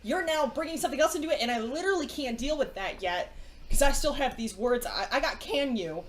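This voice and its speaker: A woman's voice: high-pitched, animated, fast talker, a little hiss or hum. A woman playing a tabletop role-playing game, rambling and stammering as she describes her character. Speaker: player. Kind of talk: tabletop role-play chat.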